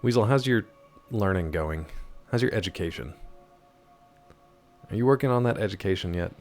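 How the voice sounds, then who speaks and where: A man's voice: on the low side, animated, normal speed, a little mellow, faint music behind. A man streaming a game live, chatting casually and teasing his chat as he answers them.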